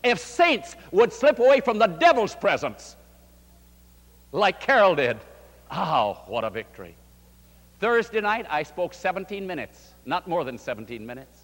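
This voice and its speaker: An older man, a pastor, preaching a sermon and telling a story with fervent rises and quiet drops. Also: very animated, unhurried. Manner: fervent preaching, voice swelling and dropping low. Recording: long hall reverb.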